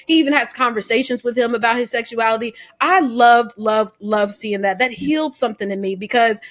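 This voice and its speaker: A woman interviewing an author, talking in a passionate, expressive, chatty way. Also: fairly high pitch, a little fast. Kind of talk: casual interview chat.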